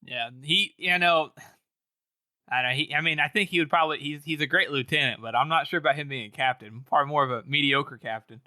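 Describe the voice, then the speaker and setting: A man's voice: fairly high pitch, fast talker, pushed and bright, no echo, clean studio sound. A man co-hosting a book podcast, musing and hedging his opinions while laughing often. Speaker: podcast co-host. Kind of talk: casual book-discussion chat.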